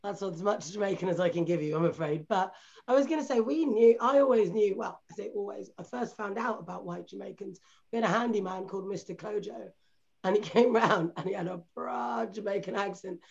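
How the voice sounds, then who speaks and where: A woman co-hosting a podcast in casual panel chat, telling stories with lively, quick asides. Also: mid-range voice, creaky, muffled recording. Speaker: podcast co-host.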